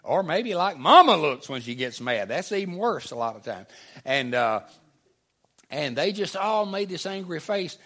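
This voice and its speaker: A man's voice: fairly high pitch, very animated, moderate pace, pushed and bright. A middle-aged man preaching a sermon to a congregation, talking conversationally, asking the room questions and repeating back their answers. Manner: conversational, repeats audience answers, many restarts. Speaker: pastor. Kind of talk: sermon with audience call-and-response.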